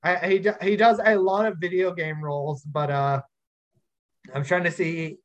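A male podcast host chatting casually with friends. His voice sits a little high for a man, and he muses aloud with hesitant restarts. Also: fairly even intonation, normal speed. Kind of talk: casual chat.

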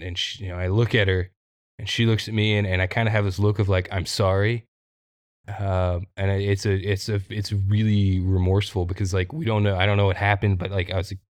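A man player telling a scene casually, halting and restarting often. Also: low-pitched, dry recording, studio quality. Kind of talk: casual storytelling.

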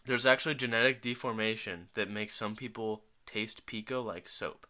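A man's voice: fairly low pitch, steady tone, moderate pace, bright, forceful tone. A young man co-hosting a podcast in casual chat, joking and thinking aloud as he orders food. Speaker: podcast co-host.

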